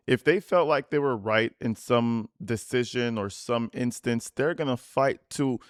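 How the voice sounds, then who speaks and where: A man's voice: mid-range voice, no echo, studio quality. Profane, mocking male commentator. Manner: profane, mocking, animated rants. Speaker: commentary YouTuber. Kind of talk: reaction commentary.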